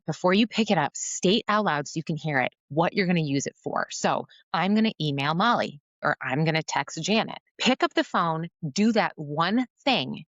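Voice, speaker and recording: A middle-aged woman with a low voice hosts her podcast in a chatty, animated way, laughing often as she talks. The sound is dry and close, a little dull in tone. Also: no echo. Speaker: podcast host. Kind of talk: casual chatty monologue.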